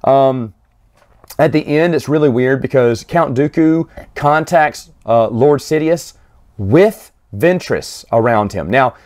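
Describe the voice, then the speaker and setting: A man's voice: medium pitch, darkish tone. Chatty man reviewing comics. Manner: chatty, rambling, frequent restarts and quick acted quotes. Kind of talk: casual solo review.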